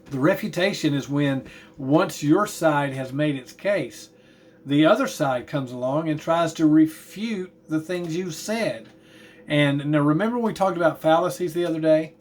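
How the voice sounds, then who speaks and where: A man's voice: fairly high pitch, a little slow. Tired chatty male teacher. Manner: tired, yawning, chatty asides. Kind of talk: classroom lecture.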